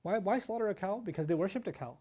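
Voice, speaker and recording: A man giving an animated Quran lecture as an Islamic teacher, reciting Arabic verses between explanations. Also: high voice. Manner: animated, fast-talking, mixes in Arabic recitation.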